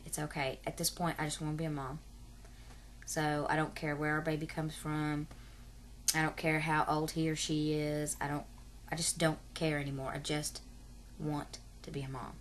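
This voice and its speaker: A woman in her 30s talks casually to her camera as a vlogger, going on at length with fillers and asides. Her low-pitched voice keeps a level tone at a moderate pace, with slight background noise.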